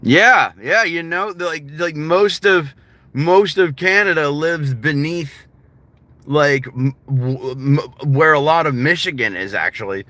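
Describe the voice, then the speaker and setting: Bright-voiced rambling streamer. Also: male voice, a little high, unhurried, no echo. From United States. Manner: rambling, profane and laughing often. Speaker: livestreamer. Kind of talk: casual live-stream chat with viewers.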